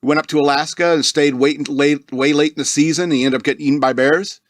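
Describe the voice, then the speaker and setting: A man's voice: on the high side, fairly even intonation, fast, no room sound, studio quality. A man hosting a podcast, rambling through a casual comedic monologue, laughing often and slipping into mocking voices. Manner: puts on mocking voices for quotes. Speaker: podcast host.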